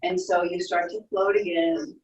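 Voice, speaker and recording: A woman leading children through a guided imagination story, in a soft, playful storytelling way with little sound effects. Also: fairly low pitch, fairly even intonation, moderate pace. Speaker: instructor leading a guided visualization. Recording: echoey room, distant from mic.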